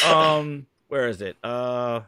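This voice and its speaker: A man hosting a live stream, talking in a rambling, excitable way with casual swearing. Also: mid-range voice, very slow, crowd noise. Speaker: host.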